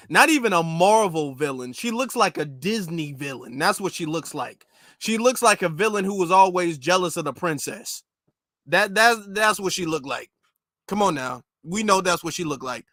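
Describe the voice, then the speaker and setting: A man with a fairly high voice gives reaction commentary on his channel, pressing each point and repeating it for emphasis. The sound is close and dry, with no room echo. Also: lively intonation, moderate pace, pushed and bright. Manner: emphatic and repetitive.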